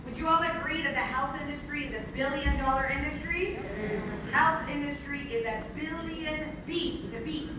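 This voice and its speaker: A woman in her sixties, giving an energetic business pitch to a live audience on a handheld mic, her voice strained from shouting. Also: distant mic, background noise. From Canada. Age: 60s. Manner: energetic, rapid questions to the crowd. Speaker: sales presenter. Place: large room with an audience. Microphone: handheld microphone. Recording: very echoey hall, mic from afar.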